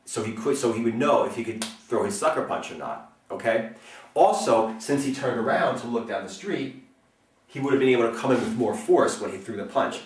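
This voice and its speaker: A man explaining self-defense as an instructor, speaking earnestly and often checking in with a quick "okay?". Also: mid-range voice, expressive, recorded from a distance. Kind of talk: instructional talk. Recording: roomy, mic set back from speaker.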